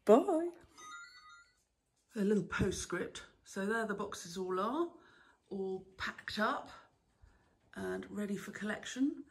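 A woman who farms flowers and works as a florist talks through her wedding flowers in a casual how-to vlog, recorded outdoors in a summer garden. She's chatty and self-deprecating, laughing now and then, with an animated mid-range voice. She speaks slowly with long pauses, and soft music plays in the background.

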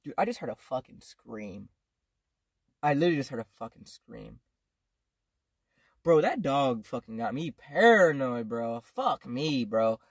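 A man's voice: medium pitch, unhurried, long pauses, husky, dry recording, studio quality. A man in his twenties telling a life story in a casual vlog, rambling and swearing a lot. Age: 20s. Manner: rambling, profane, animated. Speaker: vlogger.

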